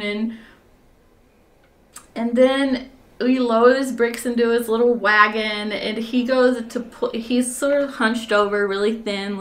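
A woman's voice: fairly high pitch, a bit bright. A woman volunteer telling a story in conversation, rambling with fillers and restarts and often breaking into laughter.

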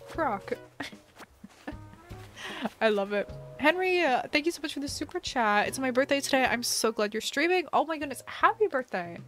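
Young female streamer, chatty and giggly, fairly high voice over quiet music. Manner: giggly, chatty, reads chat aloud. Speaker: livestream host. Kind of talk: casual live-stream chat while playing a game.

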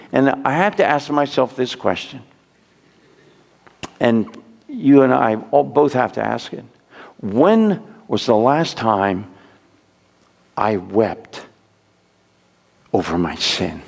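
A man's voice: medium pitch, gravelly, a little mellow, big-room sound. A man preaching a sermon as pastor, earnest and pleading, often repeating words as he urges his listeners on. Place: church sanctuary.

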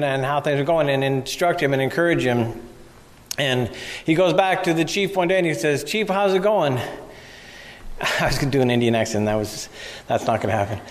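A man's voice: fairly high pitch, moderate pace. A male pastor giving a conversational sermon in a church and reading scripture aloud. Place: church sanctuary. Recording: reverberant church hall.

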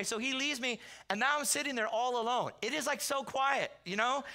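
Man, pastor, comic storytelling sermon, high and animated, gravelly edge. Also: a little fast. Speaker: guest pastor. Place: church sanctuary.

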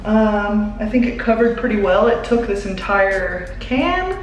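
A woman's voice: medium pitch, big pitch swings, measured pace. A young woman vlogging a home room makeover, chatting and explaining as she works indoors. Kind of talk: casual vlog narration. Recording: echoey bare room.

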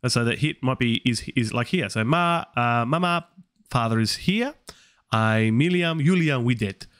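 Expressive and moderately paced, his mid-range voice fairly bright, a Latin learner hosts a live study stream. He reasons through translations out loud, constantly checking and doubting himself.

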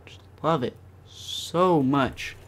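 A man's voice: fairly high pitch, very slow, a little hiss or hum. Rambling young-sounding male gamer. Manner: rambling with many fillers, bursts of excitement. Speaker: gaming channel host. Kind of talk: casual gameplay commentary.

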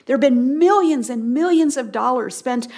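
This is a middle-aged woman with a fairly high voice, teaching from the Bible to a live audience. She is emphatic, slows down to repeat key phrases, and sometimes drops to a near whisper. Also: lively intonation, a little mellow.

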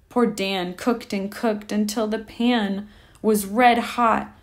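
A woman reading a rhyming children's picture book aloud with a lively, rhythmic delivery. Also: medium pitch, slow. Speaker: storyteller.

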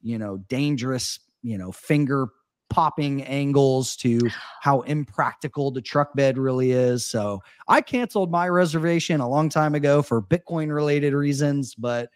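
A man's voice: medium pitch, normal speed, clear, resonant tone, no echo, clean studio sound. A man co-hosting a money talk show, casually telling stories in a laid-back way with lots of filler words. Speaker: co-host. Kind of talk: casual chat. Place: Austin.

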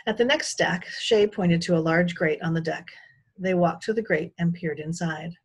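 A woman teacher reads a children's chapter book aloud with calm, measured pacing. Her voice is slightly husky and sits a bit low. She narrates steadily between the characters' lines.

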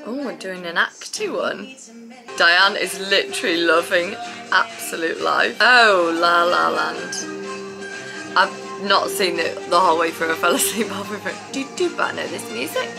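A woman giving an excited, casual reaction commentary as a dance vlogger, gushing, gasping and exclaiming as she watches. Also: on the low side, a little slow, creaky. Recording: music playing loudly behind her.

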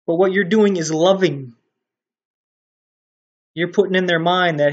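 A man preaching casually and bluntly, with mild swearing, and growing louder and more animated when he makes a point. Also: high-pitched, a little slow, pauses often. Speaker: online Christian commentator. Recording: dull lo-fi sound.

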